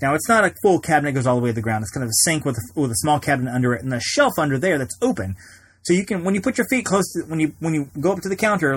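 A man's voice: fairly high pitch, dry recording. A man hosting a podcast, telling a long personal story in a casual, rambling way with many restarts. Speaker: podcast host.

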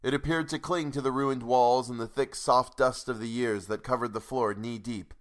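At his home recording setup, an audiobook narrator reads in a mid-range voice at normal speed with a steady tone. He pauses to tell stories and to rant, exasperated, about the author's punctuation and grammar.

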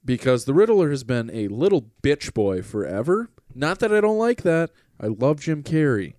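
Animated, swearing casual man. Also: mid-range voice, normal speed, no room sound, studio quality. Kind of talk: casual chat.

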